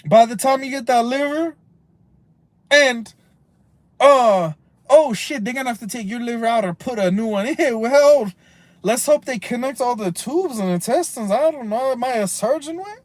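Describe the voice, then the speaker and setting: High-voiced man in a profane ramble. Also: expressive, moderate pace, no room sound. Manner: profane, rambling, peppered with Spanish slang; swings between loud outbursts and low mutters. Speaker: livestreamer. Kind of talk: casual rambling livestream rant.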